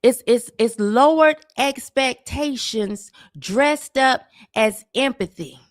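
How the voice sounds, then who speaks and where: A woman's voice: a little high, takes it slowly, no room sound, clean studio sound. An adult woman giving a sarcastic, scolding opinion monologue as a social commentator, repeating words as she gets fired up.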